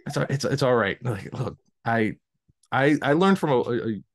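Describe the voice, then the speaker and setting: A man's voice: mid-range voice, lively intonation, normal speed, no room sound, clean studio sound. A man with a Southern US accent hosting a podcast interview, chatting casually, self-deprecating, stammering and often laughing. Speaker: podcast host.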